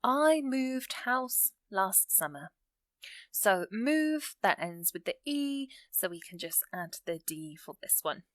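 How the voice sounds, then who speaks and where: A woman teaching English grammar, explaining rules patiently and reading example sentences slowly with stressed key words. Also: medium pitch, big pitch swings, fairly bright tone, dry recording, clean studio sound.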